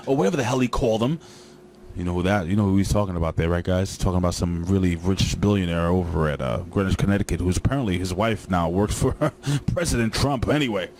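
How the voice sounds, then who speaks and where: A man's voice: mid-range voice, brisk, a little mellow, a little hiss or hum. A man recapping a wrestling show in a casual, rambling way, joking and talking straight to his viewers.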